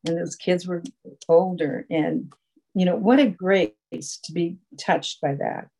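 A woman's voice: lowish voice, a little slow, warm tone, poor audio. Woman rambling through a personal story at a support meeting, lots of "you know", on a video call. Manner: rambling storyteller, full of fillers. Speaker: recovery meeting speaker.

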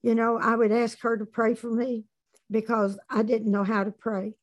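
Woman telling a dark recovery story. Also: on the high side, monotone, moderate pace, highs cut off. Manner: plain-spoken storytelling with dark humor. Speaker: speaker sharing her recovery story. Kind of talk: personal testimony at a recovery meeting.

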